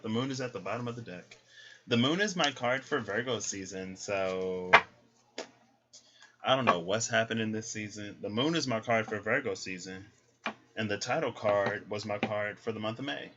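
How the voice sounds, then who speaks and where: A man talks in a loose, meandering vlog ramble, trailing off and restarting as he thinks out loud. His voice sits on the low side. The recording is dull and lo-fi with a faint hiss behind it. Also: moderate pace. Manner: meandering, hesitant, thinking aloud. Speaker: tarot vlogger. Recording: dull lo-fi sound with faint noise.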